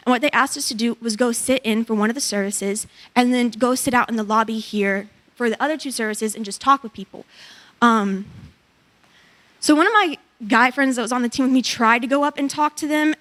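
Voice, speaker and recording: A woman in her twenties giving a church testimony about a mission trip, telling her story in an animated way and acting out what people said. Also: fairly high pitch.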